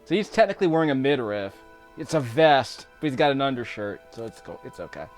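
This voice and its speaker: A man's voice: mid-range voice, very animated, quick pace. Man, casual gameplay commentary, rambling, frequent chuckles, faint game music underneath. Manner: rambling, chuckles often between remarks. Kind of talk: casual let's-play commentary.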